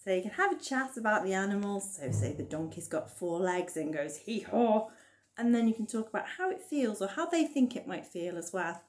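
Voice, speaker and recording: A children's librarian leads a baby rhyme and story session, gently encouraging parents to join in. Her voice is medium-pitched with lively intonation and a moderate pace.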